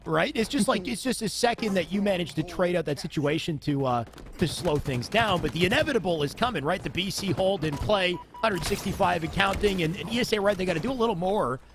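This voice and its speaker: A man calls esports play-by-play with quick, energetic delivery, his voice sitting slightly high for a man. He narrates every move as it happens, with game gunfire going off behind him. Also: noisy background. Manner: quick, energetic calling of the action.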